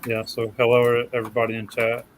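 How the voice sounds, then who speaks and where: A man's voice: mid-range voice, monotone, brisk, a little hiss or hum, low-quality recording. A man joining a livestream as a guest, making short, laid-back remarks. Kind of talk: casual livestream chat.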